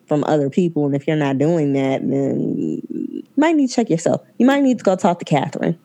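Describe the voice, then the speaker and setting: Low-voiced mellow woman. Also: animated, fairly quick, creaky. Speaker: podcast co-host. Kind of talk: casual chat.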